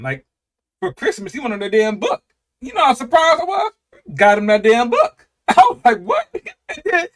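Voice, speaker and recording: A man in his thirties giving casual reaction commentary, animated and profane, laughing often and drawing out his exclamations. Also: medium pitch. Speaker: reaction video host.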